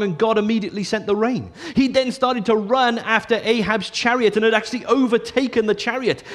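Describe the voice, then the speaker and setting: A man preaching a sermon, his voice sitting fairly high for a man. He talks to the congregation in a relaxed, conversational way, often pausing with ums and little restarts. He sounds like he is in his thirties. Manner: conversational, warm and self-deprecating, with frequent ums. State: deaf in his left ear this morning.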